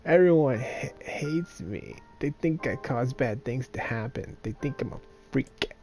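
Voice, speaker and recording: A man voicing a grieving, self-loathing teenage girl in a high, halting, pleading voice. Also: animated, a little mellow, soft background music. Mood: despairing.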